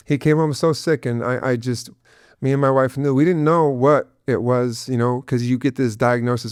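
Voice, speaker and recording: A man's voice: medium pitch, steady tone, normal speed, clear, resonant tone, dry recording, clean studio sound. A middle-aged man, a guest father, talking earnestly and emotionally about his son, with many restarts and fillers. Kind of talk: emotional personal interview.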